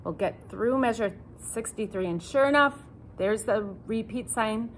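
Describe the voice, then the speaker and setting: With a cello playing in the background, a woman leads a lesson, counting in, calling notes, repeating instructions patiently and poking fun at herself. She speaks unhurriedly in a slightly high voice, with a bit of background noise.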